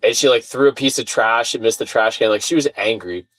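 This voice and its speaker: A man chatting casually on a video call, telling a rant story with swearing and acted-out shouted quotes. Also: mid-range voice, brisk, dry recording, rough recording. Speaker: podcast guest. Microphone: video call mic, sounds far away.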